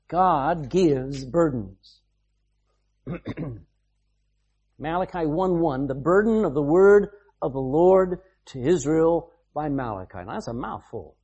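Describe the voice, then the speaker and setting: A man's voice: a little high, darkish tone, husky. A man preaching a sermon as pastor, emphatic, reading scripture aloud and explaining it.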